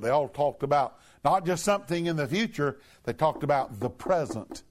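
A man preaching a sermon from a church pulpit, emphatic, with big swoops up to shouted peaks. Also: fairly high pitch, animated, normal speed. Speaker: pastor.

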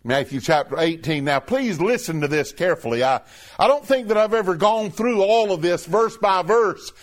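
Guy preaching, pretty high voice, stresses and repeats his lines. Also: animated, normal speed. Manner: emphatic, repeating phrases with rising and falling pitch. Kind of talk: sermon.

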